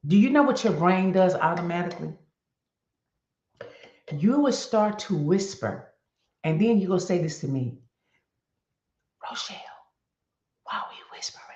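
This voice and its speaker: A woman hosting a casual motivational vlog, talking to her viewers in an animated, chatty way. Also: on the low side, normal speed, long pauses. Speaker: host. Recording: echoey room with dull lo-fi sound.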